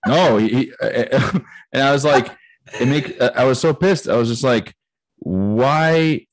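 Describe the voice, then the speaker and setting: Crowd noise and poor audio surround this mid-range male voice, which moves a little slowly. He's a podcast co-host in his late thirties, cursing freely and laughing a lot as he tells a story in casual chat and acts out the conversations in it.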